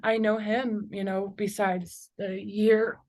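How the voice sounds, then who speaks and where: Speaking with a level, darkish tone in a mid-range voice, this young woman shares a personal story as an interview guest. She halts often, leans on "like" and "you know," and laughs nervously between emotional moments.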